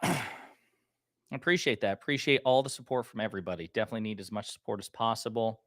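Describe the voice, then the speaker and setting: A man's voice: fairly low pitch, very fast, no echo, clean studio sound. Chatty male streamer with a cough. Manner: loose, chatty and joking. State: lingering cough, clearing his throat. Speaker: political commentary livestream host. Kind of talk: casual livestream chat, reading viewer comments.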